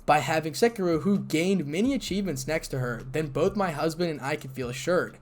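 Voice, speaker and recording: A gracious noble devil mother, polite and formal in every word, as a man reads her. The voice sits a little higher and moves lively across its pitch, taking its time. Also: brisk, a little hiss or hum, natural voice. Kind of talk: fan audiobook reading.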